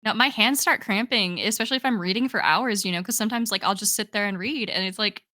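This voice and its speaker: Young female podcast co-host, bright and chatty, dry recording. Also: mid-range voice, fast talker, few pauses, no echo. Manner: chatty, enthusiastic, many "like"s. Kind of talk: casual chat.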